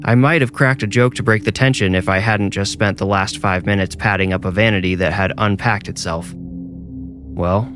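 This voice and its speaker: A man's voice: on the low side, steady tone, a little fast, few pauses, music in the background. A man reading his own horror story aloud in a dry, wry storytelling manner. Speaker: horror story narrator and author. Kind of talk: scripted horror narration.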